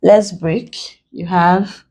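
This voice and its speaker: A woman's voice: lowish voice, steady tone, warm tone, low-quality recording. A woman with a Nigerian accent teaching an exam-prep lesson, spelling out letters and breaking words into syllables step by step. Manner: slow and deliberate, spelling out letters.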